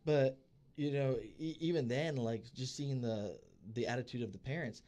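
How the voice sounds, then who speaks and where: A man's voice: medium pitch, moderate pace. Chatty man telling a story. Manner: animated storyteller who acts out quoted people. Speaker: podcast co-host. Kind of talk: casual chat, storytelling. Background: podcast studio.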